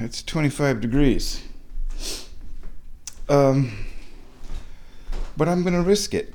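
This vlogger's mid-range male voice is a little mellow. He's outdoors feeding his backyard chickens, chatting casually and ramblingly for a walk-and-talk vlog, and talking baby-talk to the birds.

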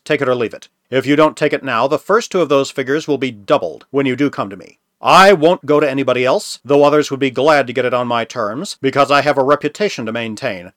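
A man's voice: mid-range voice, a bit bright, no room sound, studio quality, close to an everyday voice. A man reading a novel aloud, voicing a cynical, crooked male scientist who talks in a cold, level way. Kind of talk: audiobook reading.

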